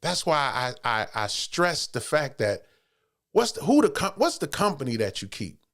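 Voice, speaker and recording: A man's voice: fairly high pitch, very animated, normal speed, fairly bright tone. Preachy man building to fired-up rhetoric. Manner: preachy, repetitive, building emphasis with stammered restarts. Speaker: channel host. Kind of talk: motivational monologue to camera.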